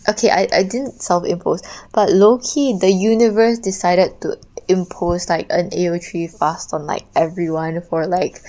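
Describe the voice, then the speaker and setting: Young woman rambling slangy chat while drawing, kinda gravelly, mellow dark tone. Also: fairly low pitch, steady tone, moderate pace, few pauses, low-quality recording. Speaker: art streamer.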